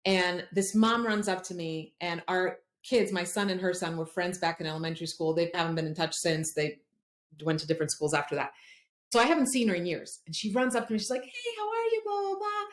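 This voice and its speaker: A middle-aged woman, a podcast guest, telling a personal story in an earnest, animated way and acting out the voices of other people. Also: on the low side, fairly quick. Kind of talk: conversational storytelling. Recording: roomy echo.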